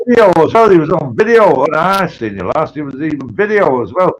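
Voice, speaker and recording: A man's voice: a little high, expressive, brisk, highs cut off. A man in casual chat on a video call, pushy and repeating himself, swearing as he urges a friend on.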